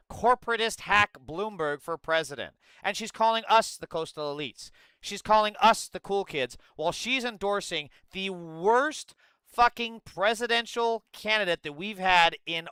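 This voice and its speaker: Heated, profane, high-voiced male commentator. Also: pushed and bright, clean tone, no echo. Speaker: political commentator. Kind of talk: ranting political commentary.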